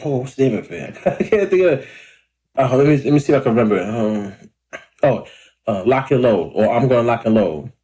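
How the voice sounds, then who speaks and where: A man in his thirties chatting casually to camera in a rambling, laid-back way, a little hoarse and clearing his throat often. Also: medium pitch, lively intonation, fairly quick, dark tone. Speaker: independent rapper and vlogger. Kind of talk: casual talking-to-camera vlog. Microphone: camera or phone mic.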